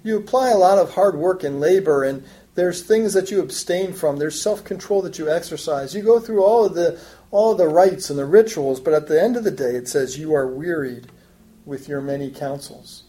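A woman's voice: low-pitched, moderate pace, warm tone. A woman preaching a sermon, acting out quoted taunts with sarcastic emphasis. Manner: voices God's taunts with rising sarcastic emphasis.

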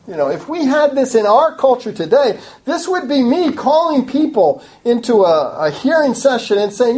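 A woman's voice: fairly high pitch, big pitch swings, normal speed, few pauses, a little mellow, low-quality recording. A woman teaching a Bible passage in an expository sermon, preaching emphatically and adding frequent asides.

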